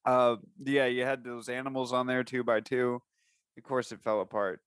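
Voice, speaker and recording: A man hosting a casual comedy chat, crude and teasing, quick to laugh. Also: mid-range voice, flat delivery, a bit bright, clean tone, no echo.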